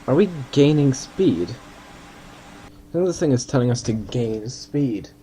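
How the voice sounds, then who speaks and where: Mellow-voiced man rambling over gameplay. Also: mid-range voice, big pitch swings, slow, a little hiss or hum. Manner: rambling, self-deprecating, thinking aloud. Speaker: gaming video host. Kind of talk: casual gameplay commentary.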